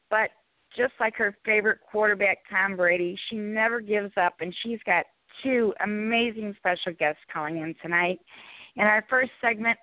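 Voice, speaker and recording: A woman's voice: medium pitch, no echo. Upbeat woman announcer reading the show intro, dry tinny phone sound. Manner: upbeat, promo-style announcing.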